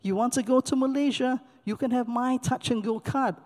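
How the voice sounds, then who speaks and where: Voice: medium pitch, steady tone, moderate pace, darkish tone, close to an everyday voice. A pastor voicing a friendly male stranger in a sermon story, recorded with a long hall reverb. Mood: obliging.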